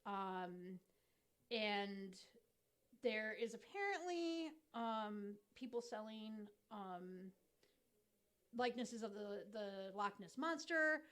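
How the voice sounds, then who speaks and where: A woman co-hosting a casual podcast chat, explaining things at length with many pauses and fillers. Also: mid-range voice, lively intonation, a bit bright, clear, resonant tone. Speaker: podcast co-host.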